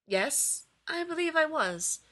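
Brief: woman reading a formal, well-mannered man; bright voice, stiff polite phrasing. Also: sits high, big pitch swings, takes it slowly, voice pushed up, exaggerated voice. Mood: polite, bemused. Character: polite, formal male scientist, courteous and bemused.

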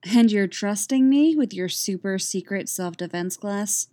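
A woman's voice: mid-range voice, animated, measured pace, mellow, natural voice. A woman reading the lines of a smirking, teasing young woman.

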